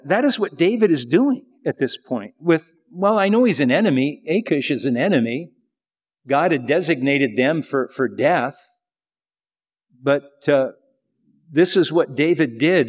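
Man preaching in a conversational way. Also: a little high. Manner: conversational preaching, reads scripture slowly. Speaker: pastor. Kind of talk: sermon.

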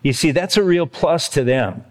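A man's voice: fairly high pitch, lively intonation, normal speed. Pastor, male, slightly raised voice, emphatic conversational preaching in an echoing sanctuary. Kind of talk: sermon.

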